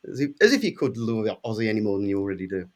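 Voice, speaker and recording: An English man in his sixties, a guest musician, telling casual stories and acting out other people's lines with big jumps in his voice. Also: very fast. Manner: lively anecdotes, acts out quoted voices with big pitch jumps. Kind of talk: casual storytelling.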